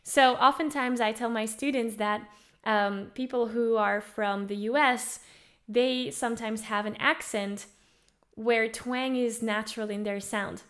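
A woman's voice: fairly high pitch, steady tone, measured pace, a bit bright. A woman teaching an online singing lesson, explaining things in an upbeat way and demonstrating with her own voice. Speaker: vocal coach.

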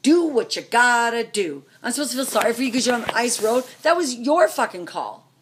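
A middle-aged American woman venting furiously to camera, swearing constantly and swinging between loud outbursts and low, seething mutters. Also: expressive, fairly quick, background noise. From United States. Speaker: vlogger, trucker's wife. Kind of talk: angry venting rant to camera.

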